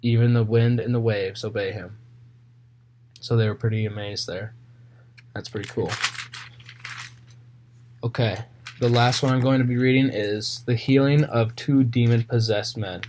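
A man reading Bible passages aloud and retelling them casually in his own words, with fillers and pauses. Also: mid-range voice, steady tone, a little mellow, slight background noise. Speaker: Bible reader.

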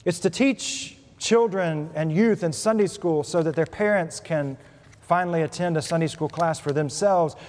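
A male pastor with a fairly high voice delivers a sermon, weaving humor into his storytelling. His voice rises and drops in volume as he works the congregation. The sound carries a long reverb from a large church sanctuary. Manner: storytelling with humor, lively shifts in pitch and volume. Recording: preached in a hall with long reverb.

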